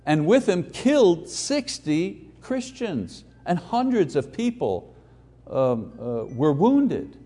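Animated male preacher, lively pitch. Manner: animated preaching with slow emphatic phrases and sudden quiet asides. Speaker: pastor. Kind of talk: sermon.

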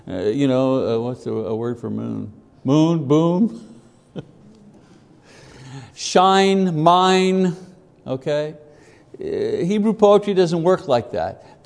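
Male teacher, slow and halting lecture delivery, slightly high voice, long hall reverb. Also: a little mellow. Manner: unhurried, halting, with many fillers and asides. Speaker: Bible teacher. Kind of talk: classroom lecture.

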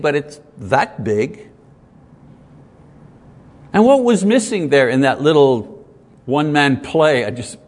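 A man giving a sermon as a pastor, earnest and conversational, repeating his key lines for weight. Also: on the high side. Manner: earnest, conversational preaching with repetition. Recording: long hall reverb.

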